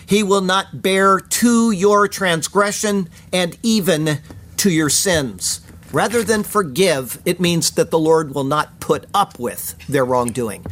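A man giving a verse-by-verse sermon, reading Hebrew phrases aloud and explaining them in a measured way that stresses single words. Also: fairly high pitch, fairly bright tone. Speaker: pastor.

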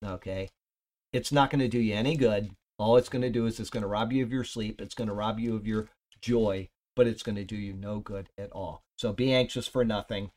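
A man's voice: on the low side, steady tone, brisk, a little mellow. A man giving a loose, conversational Bible teaching, rambling with fillers and restarts. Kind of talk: casual Bible teaching talk.

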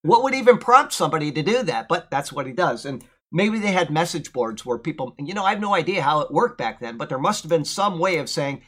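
A man teaching verse by verse through a letter of scripture. He reads the verses with emphasis, then drifts into relaxed, musing asides. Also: fairly high pitch, brisk, hardly any pauses. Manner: earnest, emphatic when quoting scripture, loose asides. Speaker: Bible teacher. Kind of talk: verse-by-verse Bible commentary.

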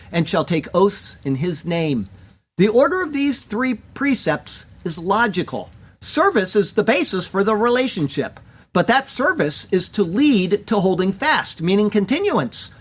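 A Bible teacher works through scripture verse by verse in a measured, deliberate sermon voice. Hebrew words are pronounced carefully along the way, and now and then the teacher turns to the listeners with a direct question. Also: mid-range voice.

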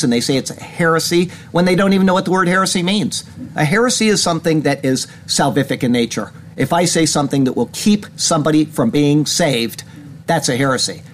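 Earnest man preaching, faint noise. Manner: earnest, rising in pitch when indignant. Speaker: pastor. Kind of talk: sermon commentary reading news. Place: small church. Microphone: camera.

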